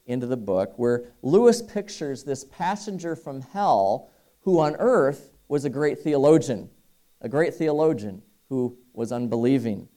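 A pastor preaching an earnest sermon and reading a story aloud with voices. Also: male voice, mid-range voice, dark tone. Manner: earnest, reads dialogue aloud from a book.

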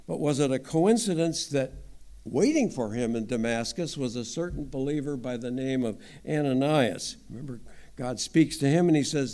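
In an informal Bible teaching talk, a layman speaks conversationally and drops wry asides. His medium-pitched voice is animated and dark in tone, moving at a moderate pace.

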